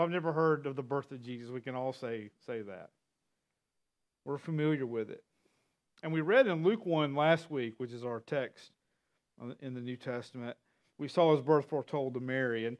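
A man with a high voice preaching an earnest sermon. He often repeats or restarts his words. His delivery builds in force as he reads passages of scripture. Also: measured pace. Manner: earnest, rises in force when reading scripture. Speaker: pastor.

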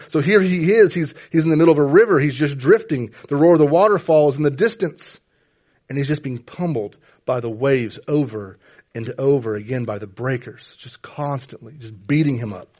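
A man with children of his own, preaching a sermon in a conversational way, often asking "right?" and rising in pitch and volume when quoting scripture. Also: a little mellow, highs cut off. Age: adult with children. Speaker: pastor.

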